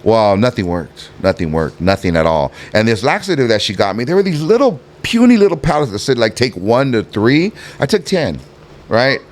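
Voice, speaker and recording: A middle-aged man with a Southern California Chicano accent, telling a profane, animated story as a podcast guest and acting out the voices in it. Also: mid-range voice, normal speed. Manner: animated, profane, acts out every voice in his stories. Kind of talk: casual storytelling in a podcast interview.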